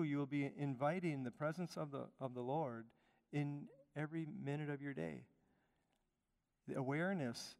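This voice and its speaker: A man's voice: medium pitch, a little mellow, smooth. A man from Chicago preaching a conversational sermon as pastor, emphatic and repeating his phrases. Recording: long reverb of a hall.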